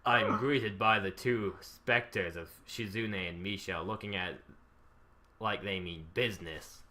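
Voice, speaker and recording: A man's voice: fairly low pitch, measured pace, pushed and bright. A man hosting a let's play, reading a visual novel's narration aloud with wry ad-libs. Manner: wry, ad-libbing between narration.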